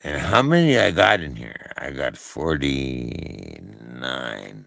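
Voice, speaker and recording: A man's voice: a bass voice, very animated, slow, creaky, fairly bright tone, dry recording, clean studio sound. A man hosting a live stream, delivering a profane, repetitive, mocking rant. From Canada.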